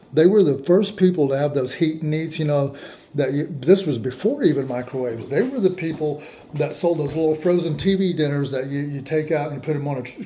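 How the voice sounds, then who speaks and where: A man's voice: a little high, warm tone. A man telling a long personal story in a casual, rambling way, often restarting his sentences. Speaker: vlogger.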